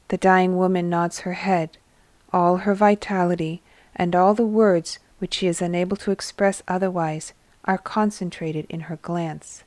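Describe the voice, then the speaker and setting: A woman narrating a devotional story in a slow, measured storytelling manner. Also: on the low side, fairly even intonation, darkish tone, dry recording.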